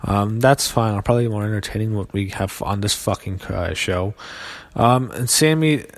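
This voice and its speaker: A man with a fairly low voice talks through a show he is reviewing. He rants bluntly and swears freely, sounding exasperated and casual. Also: normal speed. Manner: blunt, profane, exasperated ranting.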